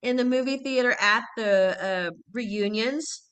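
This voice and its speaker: A middle-aged woman from Texas, an actress telling stories in a casual interview, animated and laughing often. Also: fairly high pitch, measured pace, clean tone. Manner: animated storyteller, laughs often, acts out quotes. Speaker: guest actress.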